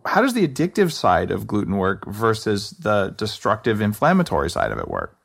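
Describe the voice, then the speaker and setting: Gravelly-voiced casual male podcast host. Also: lowish voice, huge pitch swings. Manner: casual and conversational, frequent fillers, quick asides. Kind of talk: casual interview chat.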